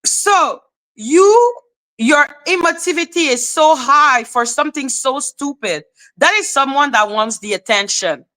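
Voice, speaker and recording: A woman hosting a casual live stream, telling a gossip story in an animated, exasperated way and swearing freely. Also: high-pitched, unhurried.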